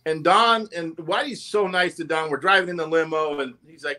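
A man casually telling anecdotes at a roundtable, animated and laughing often, acting out what others said. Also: high voice, a little fast, few pauses. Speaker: former sales executive telling stories.

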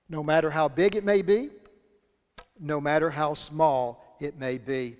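High-voiced man preaching in a reverberant hall. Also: fairly even intonation, a little slow, darkish tone. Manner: earnest, repeats key phrases for emphasis. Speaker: pastor. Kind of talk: sermon. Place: church sanctuary.

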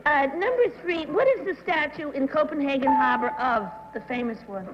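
A high-voiced woman running through crisp, polite questions as a panelist. The recording is a dull 1960s TV broadcast with a long studio echo. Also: animated, slight background noise. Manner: brisk, polite. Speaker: game show panelist. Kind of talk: brisk game show questioning.

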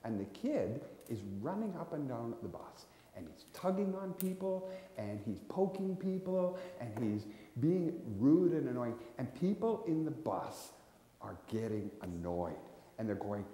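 A man's voice: mid-range voice, very animated, a little slow, mellow. Man preaching in an echoey church. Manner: conversational storytelling with restarts, voicing characters. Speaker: guest preacher, missionary. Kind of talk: sermon. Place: church sanctuary.

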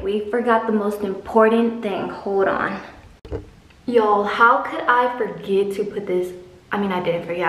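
Slow-talking woman in an echoey room. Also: mid-range voice, far from the mic, slight background noise. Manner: laid-back, talks through each step. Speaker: skincare vlogger. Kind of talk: casual chat. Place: hotel room.

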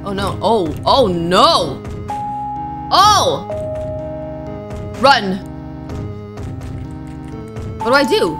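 A woman's voice: medium pitch, lively intonation, slow pace, long pauses, music in the background. A young woman narrating her own horror game play, jumpy and nervous, reacting with gasps and worried asides. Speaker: gaming streamer. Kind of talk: let's play commentary.

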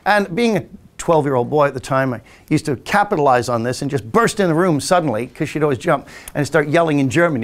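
A man's voice: a little high, animated, quick pace. A man in his sixties from England, hosting a podcast and telling rambling stories about his childhood in a casual way while acting out family voices. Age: 60s. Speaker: podcast host and hypnotist. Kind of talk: casual storytelling.

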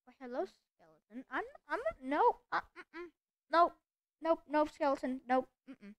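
A young woman chatting to herself in excitable let's play commentary, gasping at finds and apologizing to animals. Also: high-pitched, unhurried, no room sound. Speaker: gamer.

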